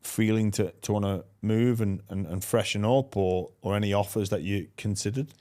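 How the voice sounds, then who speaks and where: A man's voice: on the low side, fairly even intonation, moderate pace, dark tone. A man hosting a podcast interview, asking friendly, hesitant questions. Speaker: podcast host. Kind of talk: casual interview.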